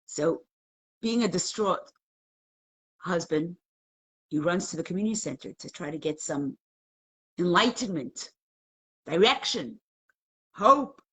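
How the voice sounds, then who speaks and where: A woman teaching a live class, telling a story in an animated, conversational way and acting out the quotes. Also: lowish voice, slow pace, pauses often, breathy edge.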